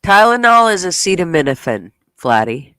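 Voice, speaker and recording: A man's voice: high-pitched, very animated, normal speed, pushed and bright, clear, resonant tone, no room sound. A congested man hosting a rambling, casual livestream chat with a nasal, stuffed-up voice. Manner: rambling, chatty, swears casually. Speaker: podcast host.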